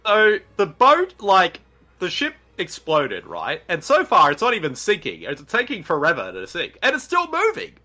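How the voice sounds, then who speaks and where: A man's voice: high voice, normal speed, faint music behind. A man co-hosting a podcast, chatting casually and jokingly over a movie he is watching, laughing often. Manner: animated, jokey, laughs often. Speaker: podcast co-host. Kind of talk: casual movie commentary chat.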